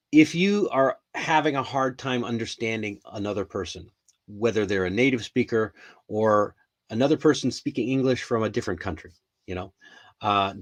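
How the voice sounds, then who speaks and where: A middle-aged man hosting a live English lesson, talking in a chatty, rambling way with frequent ums and restarts. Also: on the low side. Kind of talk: casual live-stream lesson.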